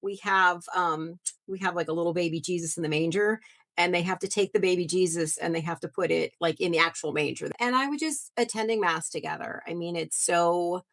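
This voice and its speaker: A woman's voice: on the low side, a little fast, a bit bright. A woman in a casual podcast chat, speaking earnestly and devoutly.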